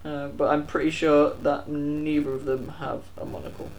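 A man's voice: on the high side, level tone, normal speed, a little mellow, a little hiss or hum. A man co-hosting a podcast in casual chat, quizzing and teasing his co-host.

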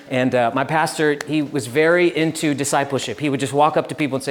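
A young man giving a relaxed, chatty sermon, telling stories with laughs and restarts. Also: medium pitch, fast talker, few pauses. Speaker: pastor. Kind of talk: casual sermon with storytelling.

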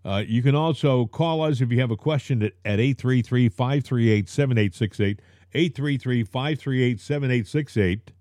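A man's voice: medium pitch, moderate pace, darkish tone, no room sound, studio quality. A man co-hosting a casual political talk show, joking and mocking with frequent chuckles. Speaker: co-host.

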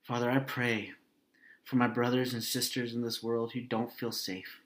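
A man preaching as a pastor, earnest and emotional, pausing often and dropping his voice soft and low. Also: level tone. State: grieving, voice heavy with hurt. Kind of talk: sermon and prayer.

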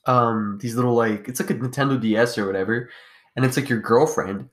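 Young male podcast co-host, loose slangy banter, mid-pitched. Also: fairly even intonation, a little fast, a bit bright. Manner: loose, slangy and profane, many fillers. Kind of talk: casual chat.

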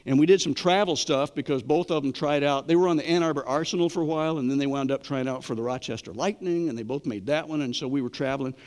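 Conversational middle-aged preacher in a reverberant hall. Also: male voice, a little high, fast talker, few pauses, a little mellow. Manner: conversational preaching, asks the congregation questions. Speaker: pastor. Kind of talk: sermon.

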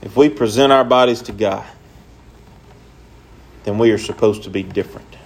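A man's voice: fairly low pitch, normal speed, vocal fry. A young man preaching a sermon in an earnest, repetitive way, with folksy, casual grammar.

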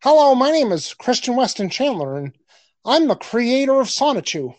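A man doing a slow, stilted impression of an awkward man. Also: very high-pitched, big pitch swings, no echo, pitched above the performer's own voice.

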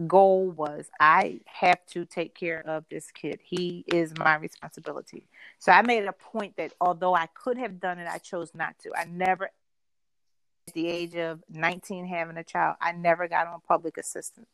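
Low-voiced woman telling a heartfelt story. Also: fairly even intonation, normal speed, vocal fry, fairly bright tone, dry recording. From Philadelphia. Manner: heartfelt, reflective, laughs while telling. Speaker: guest. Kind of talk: personal storytelling in a podcast conversation.

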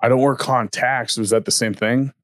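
A man's voice: mid-range voice, steady tone, normal speed, a bit bright, dry recording, studio quality. A man co-hosting a podcast, talking casually and rambling with frequent restarts. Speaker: podcast co-host. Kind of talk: casual chat.

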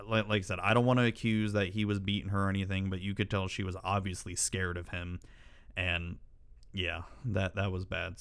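A low-pitched, clear, resonant voice belongs to this channel host. He rambles casually through stories to camera, with plenty of profanity and exasperated rants.

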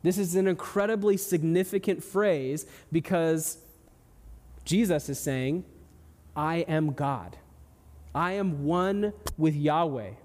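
A man's voice: fairly high pitch, takes it slowly, a little mellow, in a large hall. A man preaching an expository sermon as a pastor, talking in a casual, conversational way and putting questions to the congregation.

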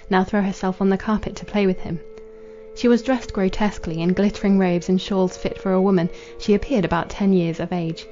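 A woman reading a classic novel aloud in a measured, solemn narration. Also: mid-range voice, a little mellow, muffled recording. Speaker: audiobook narrator.

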